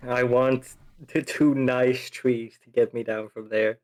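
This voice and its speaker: A man's voice: medium pitch, level tone, slow pace, darkish tone. A man playing in a tabletop game on a live stream, swearing and laughing in exasperation. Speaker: player.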